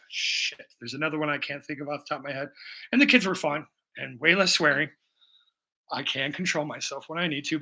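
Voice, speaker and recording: A man's voice: fairly high pitch, bright, forceful tone. A man chatting casually and profanely to his viewers while he paints, talking from his room at home. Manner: rambling, profane, jokey. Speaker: painting livestream host. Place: bedroom at home.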